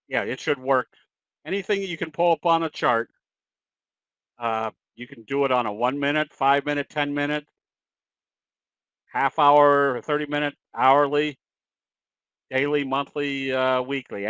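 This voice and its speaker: A man's voice: fairly high pitch, a bit bright, clean tone, dry recording, low-quality recording. A man presenting a trading webinar and answering questions, in a folksy, conversational way with fillers and self-corrections.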